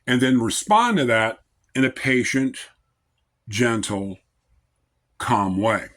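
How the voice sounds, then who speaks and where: Male lay preacher, average pitch, unhurried and even-tempered, speaks plainly and conversationally. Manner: calm, measured, conversational. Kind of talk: informal devotional talk.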